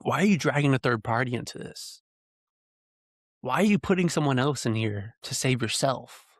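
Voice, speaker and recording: A man's voice: medium pitch, lively intonation, moderate pace, no echo. Earnest ranting man, dry close mic. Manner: earnest, heated, full of rhetorical questions. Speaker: podcast host. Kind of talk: ranting solo podcast monologue. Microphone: podcast mic close up.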